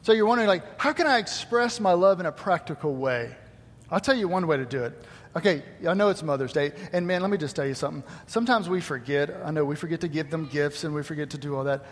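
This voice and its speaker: High-voiced preacher in a hall. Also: male voice, fast talker. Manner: folksy, joking asides to the congregation. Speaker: pastor. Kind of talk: sermon. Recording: long reverb of a large hall.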